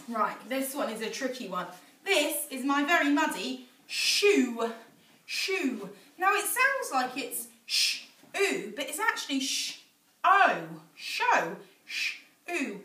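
A young female teacher with a high, bright voice leads a phonics lesson, drawing out each letter sound slowly and patiently. She is recorded from a few steps away in an echoey room. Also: big pitch swings. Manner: slow, sing-song teacher voice, sounding out letters. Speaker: infant school teacher. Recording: echoey room, voice a little far off.

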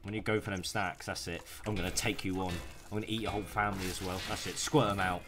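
A man's voice: low-pitched, flat delivery, fast talker, noisy background. A young man giving casual, profane gameplay commentary and taunting the enemies he hunts. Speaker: gaming YouTuber. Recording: music playing behind the voice.

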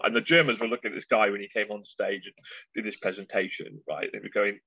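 A man, a guest in an interview, telling stories with lively enthusiasm. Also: fairly low pitch, moderate pace, husky, no room sound. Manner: animated storyteller, enthusiastic. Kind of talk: casual interview chat. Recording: dull lo-fi sound.

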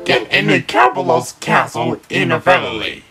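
A man voicing a cartoon knight with a slow, sing-song delivery. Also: mid-range voice, huge pitch swings, music in the background. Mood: taunting.

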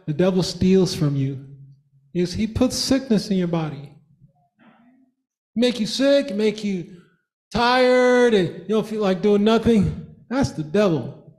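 A man's voice: high-pitched, lively intonation, unhurried, darkish tone. A man preaching a sermon in church, fervent, repeating phrases and breaking into laughter. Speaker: pastor.

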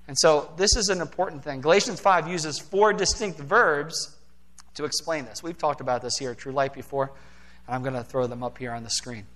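Lively man preaching a conversational sermon. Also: fairly high pitch, fairly quick. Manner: animated, acts out quoted voices, conversational asides. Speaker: pastor. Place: church sanctuary.

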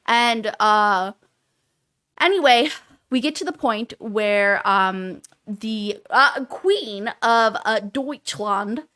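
A woman co-hosting a book podcast, recapping the plot in a rambling, animated way with lots of fillers. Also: medium pitch, drawn-out words, clean tone. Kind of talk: casual book discussion.

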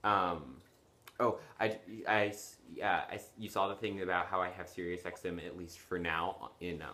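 A sleepy teenage boy talks to his camera from his bedroom, his voice sitting quite low. He rambles and apologizes, stalling on ums and restarting his sentences. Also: steady tone, unhurried, bright, forceful tone. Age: late teens. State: tired and yawning. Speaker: vlogger. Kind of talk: casual chat to camera. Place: bedroom at home.

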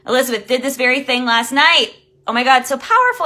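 Woman life coach, bright voice pitched a little high, blunt live-stream talk with plenty of swearing. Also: animated, fast talker. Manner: blunt and emphatic, swears freely; greets viewers by name while talking.

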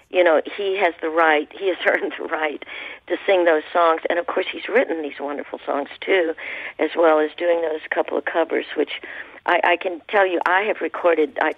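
A woman, a guest singer on a radio interview, speaking in halting phrases with frequent restarts. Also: sits low, dry recording, narrow, tinny audio. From American South.

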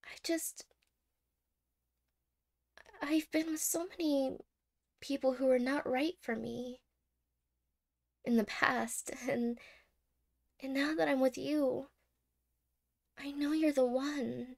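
A woman voicing a clingy, anxious young girlfriend in a whispered role-play, soft-spoken, stammering and apologetic. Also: high-pitched, steady tone, slow, creaky, long pauses, exaggerated voice. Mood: anxious, teary. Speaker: ASMR role-play creator.

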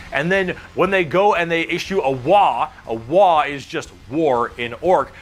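A man narrating a comedic explainer video, energetic and jokey, swearing freely. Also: on the high side.

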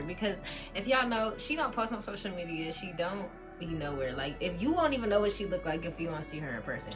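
A young woman vlogger with a rowdy, slang-heavy way of talking, her pitch leaping up and down as she laughs through the story. Music plays clearly behind her voice. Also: normal speed. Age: young adult. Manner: loud, laughing, slangy, animated. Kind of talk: casual storytime chat.

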